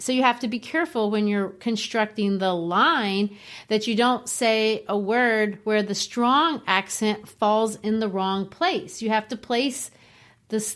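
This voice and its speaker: Her voice sits a little high with a fairly bright tone. She's a middle-aged co-host on a literature podcast, casually discussing verse rhythm in a teacherly way while tapping the beats out.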